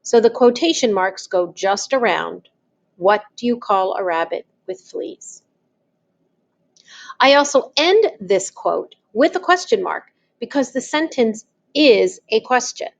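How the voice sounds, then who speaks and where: Slow, patient woman teaching a lesson. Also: on the high side, animated, vocal fry. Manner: patient, spells things out step by step. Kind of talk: slow, deliberate classroom explanation.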